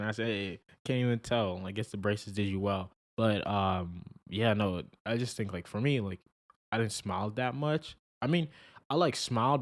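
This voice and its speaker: A young man co-hosting a podcast, talking in an animated, chatty way with many fillers. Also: fairly low pitch. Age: young adult. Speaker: podcast co-host. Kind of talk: casual chat.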